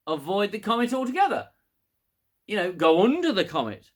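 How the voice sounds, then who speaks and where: Brief: male reviewer, blunt and exasperated, bright forceful voice, slightly high. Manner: rambling, frustrated, frequent restarts and swearing. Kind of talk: casual review monologue.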